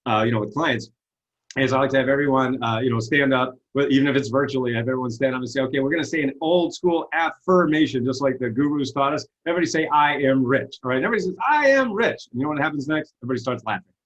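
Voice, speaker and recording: Talking rapid-fire in a mid-range voice with clipped highs, the success coach tells his stories over a video call. It's a casual interview where he comes across as earnest and self-deprecating, bringing each retelling to life.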